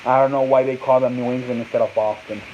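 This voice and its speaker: A man hosts a casual sports talk show, rambling, repeating himself and restarting sentences often while answering off-mic chatter and reading live comments. His mid-range voice stays level at a quick pace. The sound is lo-fi with background noise.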